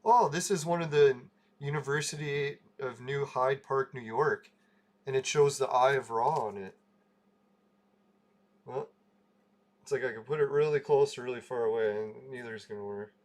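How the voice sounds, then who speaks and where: A man's voice: medium pitch, normal speed. A man hosting a casual livestream, telling a rambling story, laughing and swearing freely. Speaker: livestream host.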